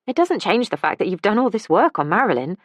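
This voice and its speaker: A woman voicing an earnest, warm-hearted young woman who speaks insistently. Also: mid-range voice, sing-song, fast, no echo, pitched above the performer's own voice.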